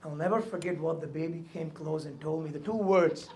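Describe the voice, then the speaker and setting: A man's voice: on the high side, steady tone, brisk, darkish tone, a little hiss or hum. A male stand-up comedian telling a story on stage into a handheld mic, often tagging his lines with "right?". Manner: tags lines with a questioning "right?".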